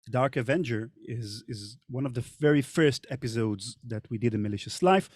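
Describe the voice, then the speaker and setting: The speaker is a middle-aged, Hebrew-accented man hosting and narrating a podcast, chatting casually with a panel in a thoughtful, hesitant manner. He talks at normal speed with a medium pitch, and the studio sound is clean and dry.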